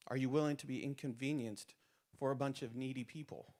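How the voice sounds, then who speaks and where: A man's voice: mid-range voice, fairly even intonation, brisk, darkish tone. A man preaching a sermon to small group leaders, emphatic, repeating phrases with rising force and often restarting his words. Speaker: pastor.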